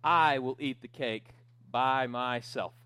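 A man's voice: medium pitch, dry recording, close to an everyday voice. A man doing the fed-up little red hen. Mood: indignant. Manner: emphatic, listing chores slowly.

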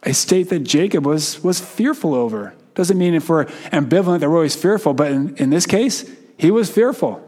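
A man delivers a sermon in a fairly high voice. He is earnest and conversational, chuckles often, and acts out the quoted lines like a lively retelling. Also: moderate pace. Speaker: preacher.

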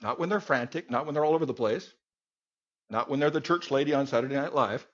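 Speaking fast at a medium pitch, this man walks a group through a Bible passage in a folksy, conversational sermon. He makes asides and breaks into sudden loud outbursts, captured on a dull lo-fi recording.

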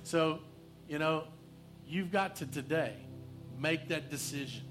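A male pastor preaching a sermon in church, quoting Scripture, asking the room for answers, and softening into prayer. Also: on the high side, slow pace, soft background music. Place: church, also streamed online.

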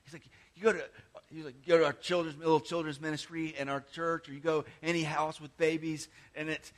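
A man preaching a sermon with passion, rising to emphatic cries and dropping to hushed, near-whispered lines, often repeating words as he restarts phrases. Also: a little high, level tone, a little fast. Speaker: pastor.

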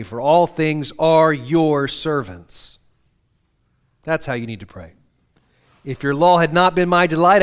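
A man's voice: fairly high pitch, clear, resonant tone. A middle-aged man preaching a sermon, earnest and conversational, reading scripture aloud with feeling. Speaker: pastor.

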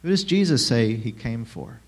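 A man with a mid-pitched voice preaches a sermon. He keeps asking the listeners questions and throws in sarcastic asides. His delivery swings between hushed and loud. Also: moderate pace, husky. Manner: rhetorical questions, lively shifts in loudness.

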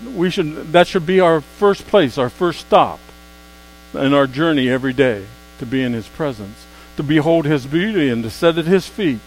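A man preaching a sermon, swinging between quiet, slow asides and loud, emphatic exclamations. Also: fairly high pitch, expressive, poor audio.

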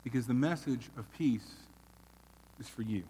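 A man preaching a sermon as pastor, earnest, swelling loud and then dropping almost to a hush. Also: medium pitch, normal speed, long reverb tail, slight background noise.

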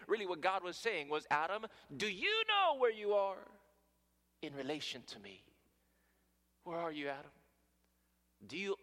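A man preaching a sermon, calling out to his listeners as friends, rising to loud emphatic peaks and dropping to hushed near-whispers. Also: a little high. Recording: long hall reverb.

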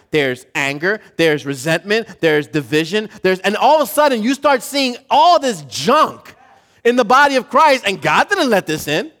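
A man preaching a sermon in a casual, animated way, full of slang, repetition and asides to the congregation. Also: high-pitched.

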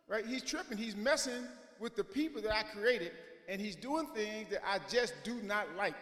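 A man's voice: high-pitched, lively intonation, normal speed, a bit bright. A male pastor preaching a sermon in a conversational way, often checking in with "right?" as he retells the story. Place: church sanctuary. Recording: echoey hall reverb.

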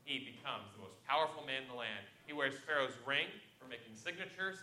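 A man preaching a sermon to his congregation, telling Bible stories with big swings between loud and soft. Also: medium pitch, a little fast, a little hiss or hum. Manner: animated storytelling with sharp swings in loudness. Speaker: pastor. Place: church sanctuary. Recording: roomy church echo.

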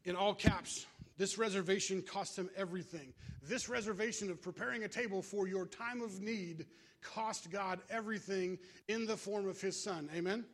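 A man's voice: high-pitched, moderate pace. A man preaching a sermon as pastor, in a casual, conversational way, calling out to the congregation.

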